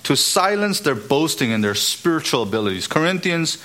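A man's voice: a little high, very animated, moderate pace, bright, forceful tone. A male pastor preaching a sermon, emphatic, with rising exclamations and scripture readings.

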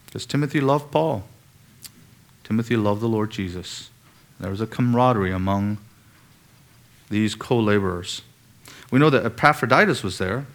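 A man's voice: medium pitch, creaky. A man preaching an expository sermon, asking the congregation pointed rhetorical questions and pressing on key words.

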